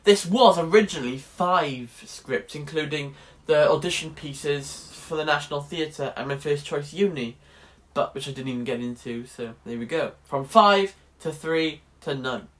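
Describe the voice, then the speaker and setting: A man's voice: on the high side, moderate pace, few pauses, fairly bright tone. A young man in his late teens chatting wryly in a casual vlog about his drama course. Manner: chatty and wry, restarts sentences. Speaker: drama student vlogger.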